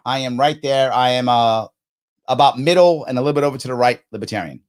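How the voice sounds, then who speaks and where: A middle-aged man hosting a live stream, thinking out loud as he answers quiz questions, often stopping to rephrase himself with a laugh. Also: medium pitch, fast. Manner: musing aloud, frequent self-interruptions and laughs. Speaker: show host.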